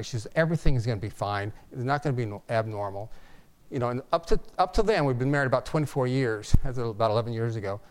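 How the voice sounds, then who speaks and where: Smooth-voiced older man recounting his story. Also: mid-range voice, a little mellow. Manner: halting, earnest, with frequent restarts. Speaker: physician. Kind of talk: personal testimony, storytelling.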